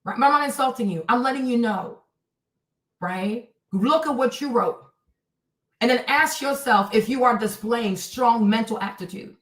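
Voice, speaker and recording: A woman's voice: a little high, moderate pace, reverberant, distant mic, rough recording. A woman livestreaming commentary, reading and answering her chat in a blunt, scolding way, repeating her points.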